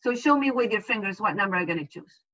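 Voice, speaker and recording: A Spanish-speaking woman teaching an online class, explaining slowly and patiently and checking often that students follow. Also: mid-range voice, expressive, fairly bright tone. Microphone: video call. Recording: dull lo-fi video call audio.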